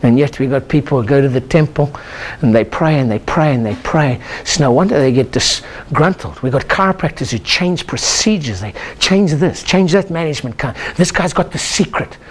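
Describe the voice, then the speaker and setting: Older man, chiropractor, motivational seminar speaker, very animated swooping pitch, exclamatory, call-and-response with audience. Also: moderate pace, hardly any pauses, slight background noise. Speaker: chiropractor giving a seminar talk. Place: lecture room with a live audience.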